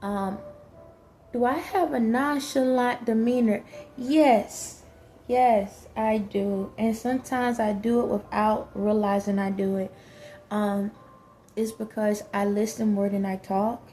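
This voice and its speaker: Frank woman with mellow voice. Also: mid-range voice, fairly even intonation, slow, slight background noise. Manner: frank, emphatic, conversational with many fillers. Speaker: vlogger. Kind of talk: casual monologue to camera.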